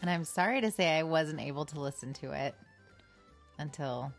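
A woman's voice: low-pitched, moderate pace, gravelly, faint music behind. A woman co-hosting a podcast, chiming in with short, eager remarks. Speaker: podcast co-host. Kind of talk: casual podcast chat.

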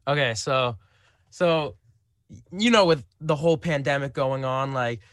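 A man's voice: mid-range voice, measured pace, fairly bright tone, no room sound, studio quality. A young man who streams, a guest on a podcast, speaking hesitantly with many restarts and fillers. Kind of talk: casual interview chat.

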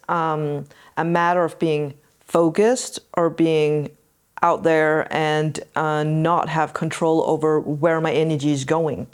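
Low-voiced woman explaining earnestly. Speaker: podcast host. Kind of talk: casual talk to listeners.

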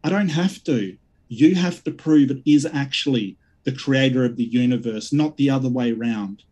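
A man debating online, pressing his points hard and stacking up objections in quick lists. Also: medium pitch. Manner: forceful, lists points in rapid runs. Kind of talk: online debate closing statement.

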